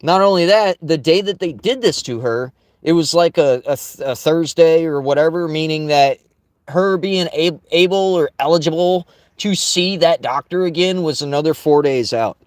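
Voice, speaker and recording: A man's voice: fairly high pitch, moderate pace, no echo. A man telling a rambling, blunt personal story, swearing freely and restarting his sentences. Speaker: vlogger. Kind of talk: casual storytelling.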